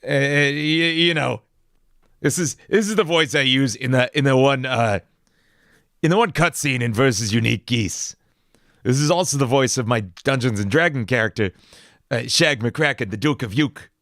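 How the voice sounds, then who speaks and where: A man with a slight New York accent chatting casually on a livestream, animated and playful, often breaking into odd vocal noises. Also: medium pitch, normal speed, dry recording, clean studio sound. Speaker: music streamer.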